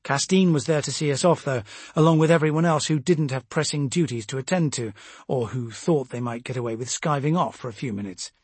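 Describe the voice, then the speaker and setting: Husky man narrating an audiobook. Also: mid-range voice, brisk, darkish tone, no echo. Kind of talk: first-person scripted narration.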